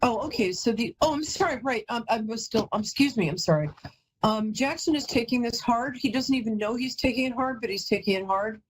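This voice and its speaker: A woman's voice: on the high side, fairly quick, breathy edge, poor audio. A woman hosting a live call-in psychic reading, chatty and emotional, who often breaks off mid-sentence to apologize. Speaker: psychic medium host.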